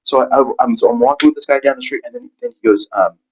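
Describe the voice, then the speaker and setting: A man's voice: medium pitch, big pitch swings. Rambling man with a dull lo-fi sound. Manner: halting, many restarts and fillers, acts out quoted voices. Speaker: vlogger telling a personal story. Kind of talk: rambling personal storytelling.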